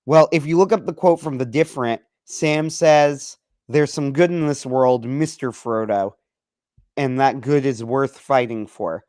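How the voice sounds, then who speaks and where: A man's voice: mid-range voice, no room sound. Rambling man on a dry mic. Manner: rambling, animated, self-deprecating joker. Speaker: podcast co-host. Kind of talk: casual ranting chat.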